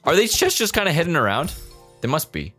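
A man's voice: on the high side, sing-song, fairly quick, sharp tone, husky, faint music behind. Joking man narrating his gameplay. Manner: jokey, talks to game characters. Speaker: let's play gamer. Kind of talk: casual gameplay commentary.

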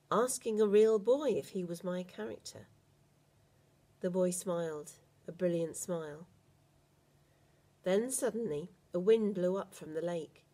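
A woman reading a first-person story aloud at a steady, measured pace. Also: fairly low pitch.

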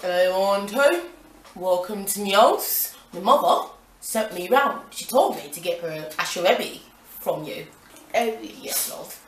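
A woman putting on a polite British young woman greeting an auntie, low and mannered. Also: animated, a little slow, close to an everyday voice. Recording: roomy echo, voice from a distance.

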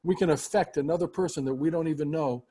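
A man's voice: on the high side, fast, slightly rough. A man teaching music, talking earnestly and at length to his students on a video call, with frequent restarts. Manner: earnest, warm, rambling with restarts. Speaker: music teacher hosting a roundtable. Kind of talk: casual heartfelt talk to students.

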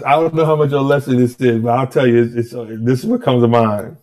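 Man, guest musician, storytelling, animated, frequent restarts, everyday pitch. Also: fast talker, hardly any pauses. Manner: animated, restarts often, acts out dialogue. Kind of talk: conversational storytelling.

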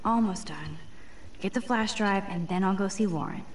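A wry young student muses under her breath in a video game, as an actress voices her. Her pitch sits in the middle and a faint hiss runs under the game audio. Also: moderate pace, lightly acted. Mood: musing. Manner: musing inner monologue.

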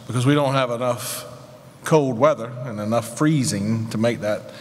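A plainspoken man explains his farming practice briskly as a guest on a conference panel. His mid-pitched voice echoes with the long reverb of a large session hall.

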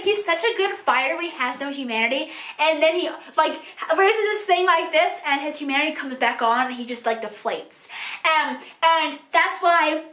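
A woman vlogger talking casually from a room at home, excitable and rambling with lots of fillers. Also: high-pitched, moderate pace. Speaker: book and TV vlogger. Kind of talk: casual ranking vlog. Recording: echoey room.

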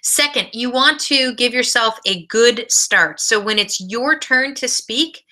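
A woman's voice: on the high side, a little slow, bright, forceful tone. A woman teaching a college speech class in a recorded video lecture, giving direct practical tips.

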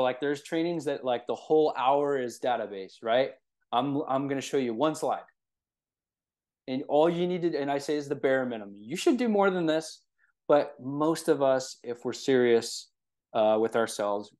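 A man runs a casual real estate training, often checking in with his listeners and using lots of fillers and rhetorical "right?". His mid-range, darkish voice moves at a moderate pace.

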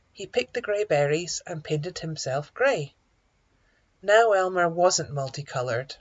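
A woman slowly reading a simplified children's story for English learners, clear and expressive. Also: lo-fi sound. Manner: slow, clear, animated with high character greetings.

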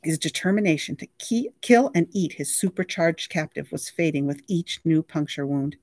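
A library reader reading a novel aloud with lively, expressive storytelling. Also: mid-range voice, moderate pace, no room sound, studio quality.

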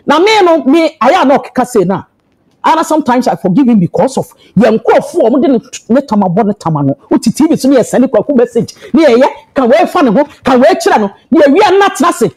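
Ghanaian woman panelist, high and very animated, forceful debater. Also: quick pace, slightly rough, rough recording. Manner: impassioned, argumentative, emphatic. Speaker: party executive on a political panel. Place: TV studio.

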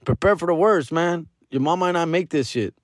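A man's voice: on the high side, moderate pace, dry recording, clean studio sound, pitched above the performer's own voice, lightly acted. A male comedian putting on a blunt doctor who gives grim news in a casual way.

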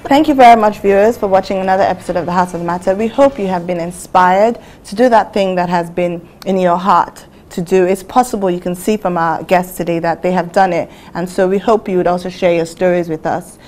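A woman hosting a talk show, speaking in a measured way as she guides and wraps up. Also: fairly low pitch, a little mellow.

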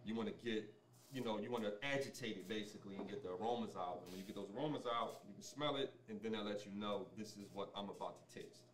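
A man speaking as a sommelier guest in a casual interview, explaining things in a relaxed way with many ums and restarts. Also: lowish voice, fast, roomy sound, recorded from a distance, slight background noise.

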